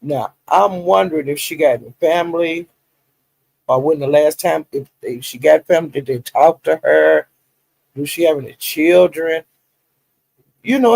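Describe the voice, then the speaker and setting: A man's voice: fairly high pitch, gravelly, dry recording, rough recording. A man chatting casually on a livestream, retelling online drama with laughter and acted-out quotes. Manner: animated, laughing storyteller who acts out quotes. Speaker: livestream commentator. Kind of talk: casual gossip commentary.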